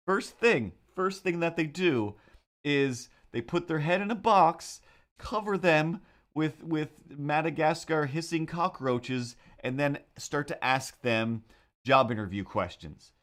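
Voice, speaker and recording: A man's voice: a little high, takes it slowly, fairly bright tone. Rambling sarcastic man chatting. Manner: rambling, sarcastic, many restarts. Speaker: host of a drawing livestream. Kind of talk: casual chat.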